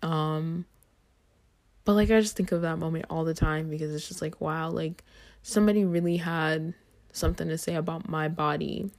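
A woman's voice: deep voice, fairly even intonation, moderate pace, darkish tone. A young adult woman hosting a podcast, telling a story in a casual, chatty way with lots of "like" and "um". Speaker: podcast host.

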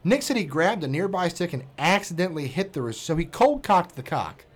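A man's voice: a little high, expressive, brisk. A man co-hosting a podcast, joking crudely and reading a news story aloud with mocking asides. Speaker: podcast co-host. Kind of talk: casual chat.

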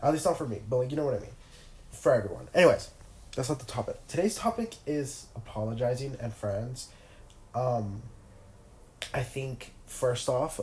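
A young man with a cold talks from his bed, his nasal voice mellow and a little dark. He rambles through a casual solo podcast, stumbling over restarts and fillers. The room around him gives a noticeable echo. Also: mid-range voice, moderate pace. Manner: rambling, filler-heavy, self-interrupting. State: sick with a cold. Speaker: podcast host. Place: in bed at home.

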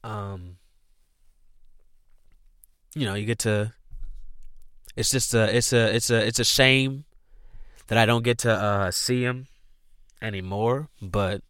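A man's voice: fairly low pitch, slow, long pauses, a bit bright, smooth, dry recording, clean studio sound. A man hosting a casual podcast, laid-back and slangy, rambling with lots of restarts. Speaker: podcast host. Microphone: podcast microphone.

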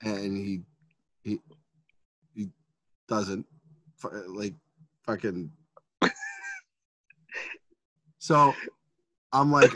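A man in his thirties co-hosting a podcast, telling a story about his kids and acting out quotes with sudden shouts. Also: on the low side, steady tone, very slow, long pauses, no echo. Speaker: podcast co-host. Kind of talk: casual storytelling.

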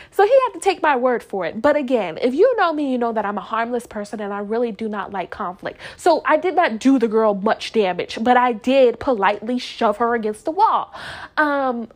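A young woman vlogger telling a story casually, animated, acting out quoted lines and laughing often. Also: fairly high pitch.

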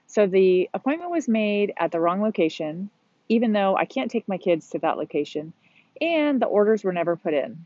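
A woman's voice: mid-range voice, big pitch swings, normal speed, warm tone, no room sound. A woman in her forties hosting a podcast, talking candidly and with exasperation about her day, swearing now and then. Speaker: podcast host. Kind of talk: casual solo monologue. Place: outdoors on a beach. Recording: dull, slightly lo-fi sound.

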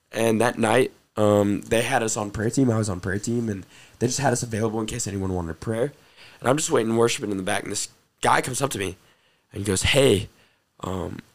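A young man hosting a podcast, telling a personal faith testimony in an earnest, excited way, breaking into laughter at times. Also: mid-range voice. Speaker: podcast host.

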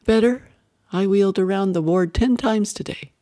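A man's voice: high-pitched, normal speed, dark tone, dry recording, lightly acted. Brief: man playing a young hospital patient, teasing, raised light voice, dry sound. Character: young woman in hospital, shy and playful.

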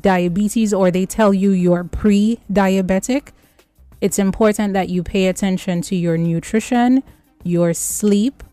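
A woman speaking as a nutrition expert on a radio health show, explaining slowly and listing her points by number. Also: medium pitch, dark tone, no room sound.

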